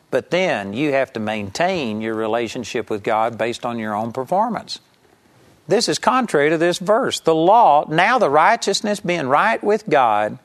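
A man preaching an earnest sermon, teaching from scripture and telling a story to make his point. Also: mid-range voice. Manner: earnest, emphatic Bible teaching with anecdotes.

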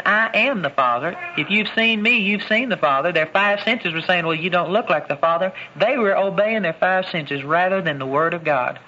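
A man's voice: sits high, sharp tone. A man preaching a sermon, emphatic and fond of repeating his key phrases. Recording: dull lo-fi recording with faint noise.

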